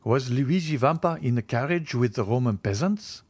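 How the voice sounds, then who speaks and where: A man doing a polite, curious young gentleman. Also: mid-range voice, lively intonation, moderate pace, no echo, natural voice. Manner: courteous, questioning.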